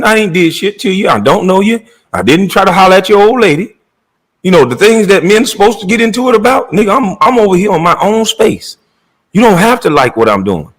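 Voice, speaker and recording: A man's voice: on the high side, low-quality recording. A middle-aged man delivering a heated, blunt and profane monologue rant as a commentator.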